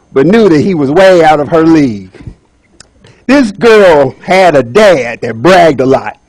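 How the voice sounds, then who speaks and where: Man tells folk tale at club meeting, lively, kinda high voice, dry. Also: no room sound, poor audio. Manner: lively, chatty storyteller with asides to the audience. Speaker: speaker at a speaking club. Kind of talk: storytelling speech.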